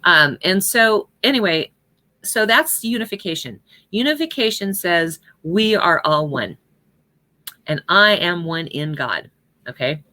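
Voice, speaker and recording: A woman's voice: on the low side, expressive, measured pace, bright, forceful tone. A woman giving a conversational spiritual teaching talk on prayer, often checking in with her listeners. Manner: conversational, checks in with "right?" and "okay?".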